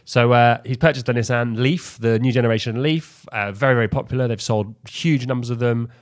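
A man's voice: medium pitch, fairly even intonation, a little fast. A man from England co-hosting a podcast, talking in a wry, chatty way with frequent restarts and fillers. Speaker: podcast co-host. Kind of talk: casual chat.

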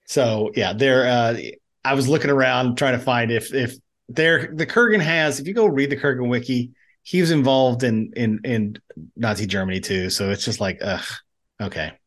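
A man in a mid-range voice, co-hosting a chatty movie podcast. He argues his case with conviction and acts out quoted lines. An ordinary speaking voice, neither high nor low. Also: normal speed. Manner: argumentative, animated storytelling, quotes lines in funny voices. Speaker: podcast co-host. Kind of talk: casual movie podcast chat.

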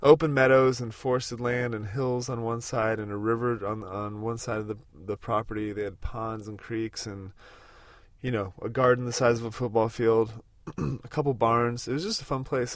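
A man's voice: medium pitch, level tone, moderate pace, no room sound. Rambling man hosting a road-trip podcast. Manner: rambling, with many fillers and restarts. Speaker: podcast host. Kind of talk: casual spoken podcast recorded on a road trip.

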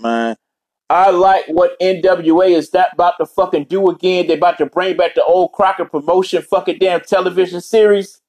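A man's voice: high voice, darkish tone. A man ranting casually as a vlogger, swearing heavily and rambling off on tangents. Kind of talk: casual rant.

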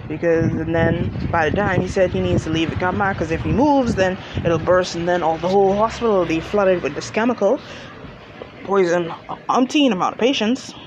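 A woman chatting casually through a TV episode recap, animated and gushing, laughing often. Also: on the low side, moderate pace. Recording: muffled with loud vehicle noise.

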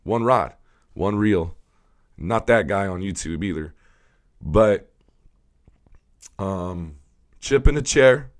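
A man's voice: sits low, lively intonation, slow, long pauses. A man hosting his fishing channel, talking casually and from the heart to his viewers, rambling with fillers and restarts. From Southern California. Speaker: host. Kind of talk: casual vlog talk to camera.

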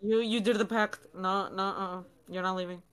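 A woman's voice: medium pitch, steady tone, moderate pace, fairly bright tone, smooth. A woman co-hosting a casual podcast over an online call, trying to keep the others on track. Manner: bossy, keeps the others in line. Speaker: podcast co-host. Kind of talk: casual chat. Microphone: headset on an online voice call.

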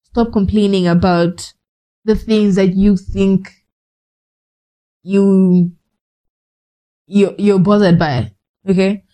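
A woman's voice: mid-range voice, fairly even intonation, slow, pauses often, dark tone, rough recording. A woman hosting a podcast, giving a direct, conversational motivational monologue with scolding asides. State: cold, shivering. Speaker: podcast host.

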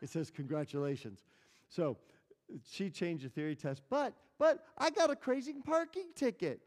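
A man's voice: sits high, expressive, moderate pace, a little mellow. A man preaching a conversational sermon, telling stories and asking the congregation questions. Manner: chatty, storytelling, asks the room questions. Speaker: pastor. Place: church hall. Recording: reverberant church hall.

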